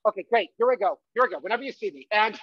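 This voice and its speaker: A man's voice: high voice, rapid-fire, breathy edge. A man performing a playful comic autobiographical monologue on a theatre stage, coaxing the audience to join in, in a dull lo-fi live recording. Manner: animated, playful, bursts into loud shouts.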